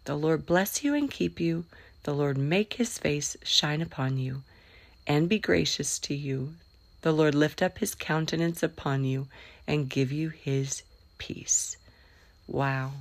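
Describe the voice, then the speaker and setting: A middle-aged woman, her voice sitting on the low side. She talks in a devotional podcast style, prayerful and warm, then breaks into excited exclamations. Her throat sounds a little rough. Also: slow, no room sound. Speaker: podcast host.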